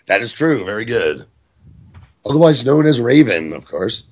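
A man's voice: mid-range voice, sing-song, moderate pace, darkish tone. A man hosting a casual quiz game on a podcast, playful and joking as he reads names from a list. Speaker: quiz host.

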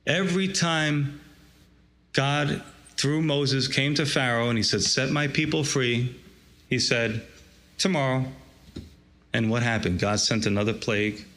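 A man's voice: mid-range voice, measured pace, long pauses, fairly bright tone. A man preaching a sermon, reading scripture aloud and drawing out its lesson with rising emphasis. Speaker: pastor.

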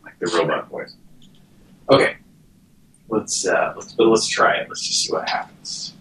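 Deep-voiced rambling male host. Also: moderate pace, bright, forceful tone, reverberant, slight background noise, poor audio. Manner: rambling, filler-heavy. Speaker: show host. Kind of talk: casual late-night chat.

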